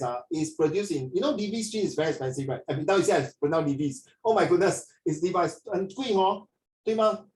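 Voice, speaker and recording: A man, teaching a classroom lesson in an animated way and mixing in Mandarin. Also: a little high. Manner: animated, mixes in Mandarin, frequent "ah" tags. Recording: echoey classroom from a distance.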